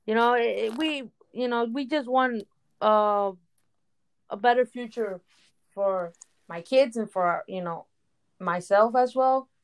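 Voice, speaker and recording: A woman's voice: a little high, slow, long pauses, clear, resonant tone. A woman in casual conversation, speaking with hesitant restarts and short agreeing replies. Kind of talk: casual chat.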